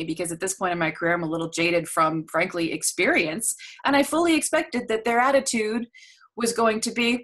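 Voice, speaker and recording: A woman's voice: mid-range voice, fairly bright tone. A woman co-hosting a podcast in casual chat, telling stories candidly and with animation. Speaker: podcast co-host.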